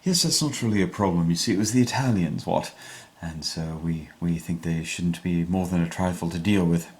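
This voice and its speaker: A man's voice: low voice, normal speed. A man voicing an unflappable British officer with a put-on posh British accent, pompous and understated. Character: stiff-upper-lip British officer, unflappable.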